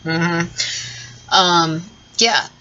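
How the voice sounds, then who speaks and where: A southern US woman vlogs an opinion rant to camera, blunt and profane, laughing often between points. Her voice is fairly low, steady and sharp in tone, and very slow. The recording sounds muffled.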